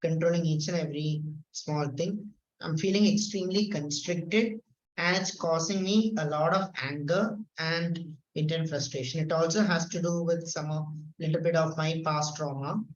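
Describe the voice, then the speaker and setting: A man taking part in a workshop role-play, speaking earnestly and in a measured way, sometimes restarting as he searches for words. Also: fairly high pitch, steady tone. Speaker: workshop participant. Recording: echoey room, dull lo-fi sound.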